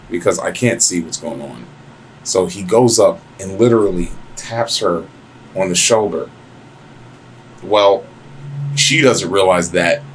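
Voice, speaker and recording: A man hosting a podcast, telling stories casually in a crude, mocking, animated way. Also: sits low, a little hiss or hum, low-quality recording. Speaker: podcast host. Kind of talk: casual profane storytelling.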